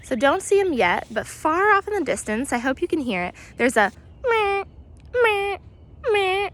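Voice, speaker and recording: A woman guiding an outdoor nature walk, explaining bird sounds in a relaxed way with many pauses and imitating the calls. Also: high-pitched. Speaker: naturalist guide. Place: outdoors near hedges and compost bins.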